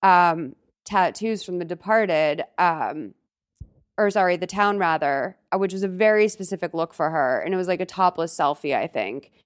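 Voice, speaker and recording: Gossipy, laughing woman with a smooth voice. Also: fairly low pitch, expressive, normal speed. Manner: gossipy storyteller, laughs often, swears. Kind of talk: casual chat.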